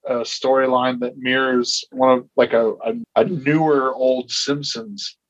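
A man's voice: mid-range voice, level tone, unhurried. A man with a middling voice, rambling through his thoughts with plenty of ums and restarts and some cursing. The recording sounds a little dull and lo-fi. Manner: rambling, hesitant, swearing. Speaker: podcast co-host. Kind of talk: casual chat.

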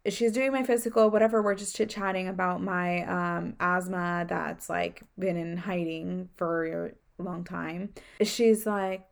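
A woman's voice: medium pitch, steady tone, unhurried, gravelly, hardly any pauses. A young woman hosting a podcast, telling a personal story in casual chat, with many filler words. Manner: chatty, frequent "like" fillers. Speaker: podcast host.

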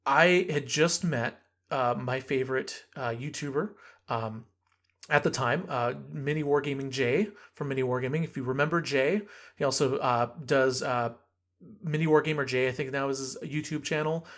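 A man's voice: mid-range voice, moderate pace, a bit bright. Rambling man telling a story. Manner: rambling, many fillers and restarts. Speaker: podcast host. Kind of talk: casual storytelling.

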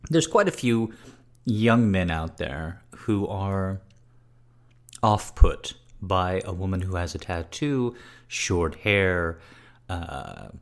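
A male podcast host with a deep voice answers listener questions in a casual chat, coming across wry, playful and flirty.

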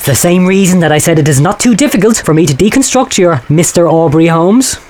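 An actor playing a sinister, manipulative male doctor, smooth and insinuating, in a comic audio drama. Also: fairly high pitch, animated, a little fast, a little mellow.

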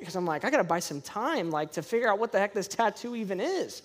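Pastor, sermon, congregation, animated storytelling, self-deprecating humor. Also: medium pitch, quick pace, hardly any pauses. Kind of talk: sermon with personal stories. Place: church service before a congregation.

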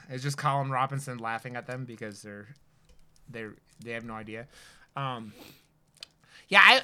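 A man's voice: mid-range voice, sharp tone, smooth. A man co-hosting a horror podcast in loose casual chat, rambling with lots of fillers and swearing. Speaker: podcast co-host.

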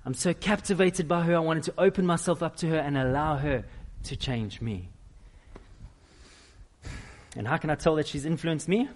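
A middle-aged man preaching a sermon, with animated, self-deprecating storytelling. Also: fairly high pitch, normal speed, pauses often. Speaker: pastor.

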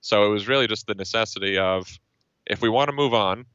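Male band guest, low bright voice, dry muffled lo-fi audio, thoughtful and meandering. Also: fairly quick, clear, resonant tone, dry recording. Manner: thoughtful, lots of fillers and restarts. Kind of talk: casual interview. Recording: dull, dry lo-fi sound.

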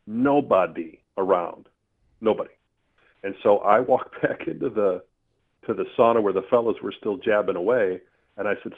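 A man's voice: fairly low pitch, brisk. Man telling a story over a phone line. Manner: earthy, animated, with mild swearing. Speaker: storyteller guest. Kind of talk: casual spoken storytelling. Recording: tinny phone-line sound.

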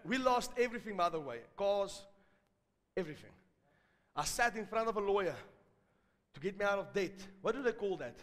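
South African male preacher, very high voice, bright tone, long hall reverb. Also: animated, moderate pace, pauses often. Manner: storytelling, builds to loud emphatic preaching. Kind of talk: sermon.

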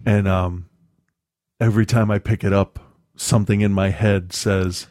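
This man speaks in a lowish, darkish voice with a flat delivery, on a clean studio recording with no echo. Chatting casually, he spins meandering, profane stories, frequently restarting, saying "um" and poking fun at himself.

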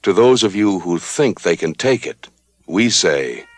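A sinister deep horror announcer. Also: male voice, animated. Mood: ominous. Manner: slow, ominous, theatrical delivery.

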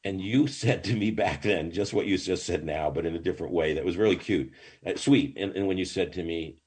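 An older man, a rabbi, telling stories in a podcast interview in an animated way, with many false starts. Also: low-pitched, brisk, husky.

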